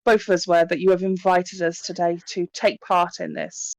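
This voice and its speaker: A woman voicing an eager, polite young gentleman in a tabletop game, speaking effusively. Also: fairly low pitch, flat delivery, normal speed, dry recording, close to an everyday voice.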